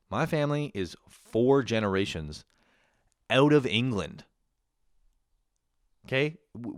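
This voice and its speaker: A Canadian man hosting his own show, talking in a casual comedic monologue, animated and swearing, laughing often. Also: mid-range voice, slow pace, long pauses, no echo, studio quality. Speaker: podcast host.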